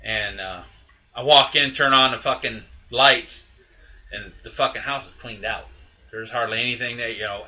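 A man's voice: on the low side, pushed and bright, low-quality recording. A man in casual conversation, telling a heated, profane story that rambles with restarts and asides. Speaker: storyteller recounting a breakup.

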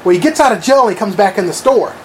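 Talking very fast with lively intonation, a high-voiced man spins a long, profane story in casual chat, loaded with fillers. There's a slight hiss or hum behind him.

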